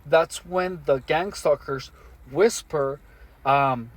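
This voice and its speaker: A man speaking alone to the camera in an earnest, matter-of-fact monologue, halting with many restarts and fillers. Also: a little high, no room sound. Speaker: vlogger. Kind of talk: first-person monologue to camera.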